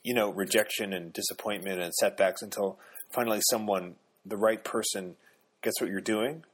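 A man's voice: fairly low pitch, fairly even intonation, normal speed, breathy edge. A man reading an audiobook, lifting his voice to play an earnest young woman who is hurt but outspoken.

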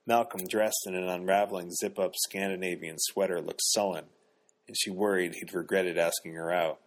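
A low-voiced male audiobook narrator reads a novel from a script, telling the story in a measured, even manner.

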